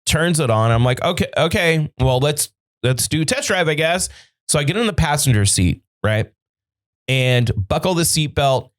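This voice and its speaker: In a studio, a podcast host with a somewhat high voice talks at normal speed, swearing freely as he tells a story in casual chat. He brings quoted lines to life with animated, profane delivery.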